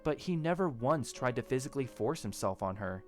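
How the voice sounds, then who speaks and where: A man narrating a story in a steady, even storytelling manner. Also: mid-range voice, fairly quick, soft background music. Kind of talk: audiobook narration of a fan story.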